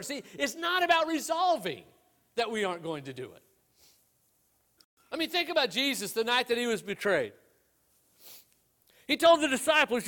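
High-voiced preacher man, dramatic swings. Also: very animated, moderate pace. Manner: storytelling, rhetorical questions, swings between loud emphasis and hushed lows. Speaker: pastor. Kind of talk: sermon.

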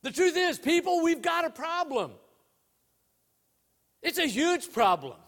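A man preaching a sermon, telling stories and asking rhetorical questions, swinging between loud emphasis and hushed low lines. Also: big pitch swings, unhurried. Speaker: pastor.

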